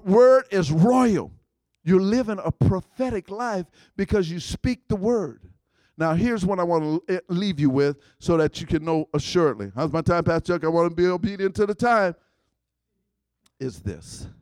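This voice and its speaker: A man preaching a sermon in call-and-response style, repeating phrases and swinging between loud outbursts and hushed lines. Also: sits high, no echo. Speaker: guest preacher.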